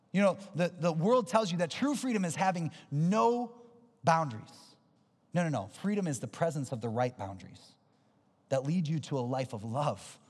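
A man preaching a sermon as pastor, urgent and impassioned, then closing in a soft, hushed prayer. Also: mid-range voice, slightly rough, big-room sound.

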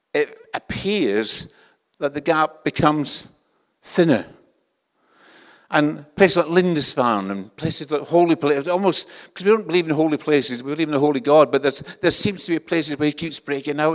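Older scottish guy giving a sermon, chatty, keeps restarting, big echoey hall. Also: on the high side. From Scotland. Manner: conversational, self-deprecating, with frequent restarts. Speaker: preacher.

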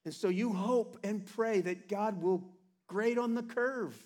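A pastor preaching a sermon to his church with earnest, animated delivery and playful asides. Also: sits high, unhurried. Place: church sanctuary.

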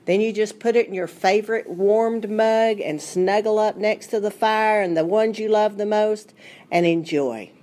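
A woman's voice: medium pitch, darkish tone. A middle-aged woman with a Southern Appalachian accent, a food writer presenting a recipe in a chatty, homespun, playful way. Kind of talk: scripted radio segment.

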